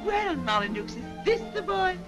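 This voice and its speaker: An actress playing a crisp, wry elderly aristocratic great aunt. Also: female voice, very high-pitched, very animated, moderate pace, music in the background. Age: older. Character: elderly female aristocrat, sharp-tongued, kindly.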